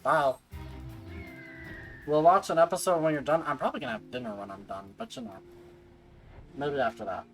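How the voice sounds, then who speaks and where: Woman streamer, casual game chat, playful and self-mocking, lively pitch, faint background music. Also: normal speed, long pauses, rough recording.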